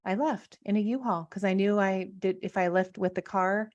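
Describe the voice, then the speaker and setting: The audio is dull as a woman from Washington state, in her thirties, hosts a casual interview in a medium-pitched, steady voice at a moderate pace. She speaks personally and often restarts or fills pauses.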